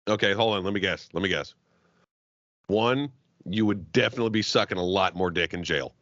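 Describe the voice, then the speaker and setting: A low-pitched man riffing crudely on a podcast, cursing constantly and breaking into laughter between half-finished sentences. His voice is close and dry with little room sound. The recording is a bit dull and muffled. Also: fairly quick, fairly bright tone, no room sound. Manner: profane, joking, laughs often, trailing restarts. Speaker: podcast co-host. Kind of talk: crude comedic podcast banter.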